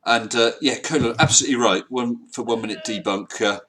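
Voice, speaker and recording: A man's voice: mid-range voice, a little fast, fairly bright tone, slight background noise. A man hosting a casual live-stream chat, friendly and rambling, often chuckling. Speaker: host.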